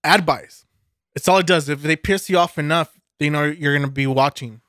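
A man's voice: on the high side, normal speed, bright, forceful tone, dry recording, studio quality. A man co-hosting a podcast, ranting cynically in casual chat and swearing heavily. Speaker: podcast co-host. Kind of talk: casual profane rant.

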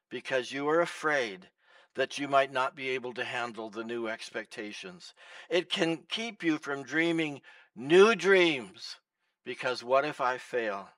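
Pastor, male, preaching in church, bright sharp tone, mic a bit far but dry, swings loud to hushed. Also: mid-range voice, no room sound. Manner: animated, swings between loud emphasis and soft hush. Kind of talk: sermon.

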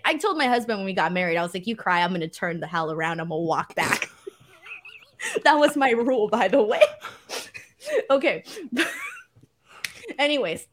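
A woman's voice: medium pitch, fairly bright tone. A woman hosting a podcast from her home, chatting casually and laughing often, with many fillers. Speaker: podcast host. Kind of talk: casual chat. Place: home studio.

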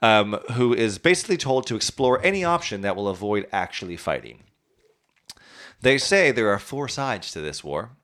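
A man's voice: fairly low pitch, sing-song, moderate pace, a bit bright. A man hosting a casual history podcast, telling events with jokes and acting out historical figures in silly voices.

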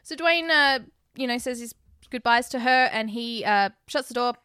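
A woman's voice: on the high side, normal speed, sharp tone, smooth, dry recording, studio quality. A woman co-hosting a podcast, casually recapping a film scene by scene and acting out the characters' lines. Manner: chatty, laughs often, acts out lines from the film. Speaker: podcast co-host.

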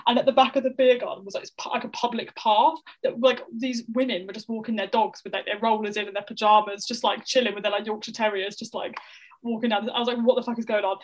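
A young woman from the south of England, telling a stand-up comedy story over a video call in a rapid, laughing, sweary style. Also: on the high side, steady tone, poor audio. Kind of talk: casual storytelling chat.

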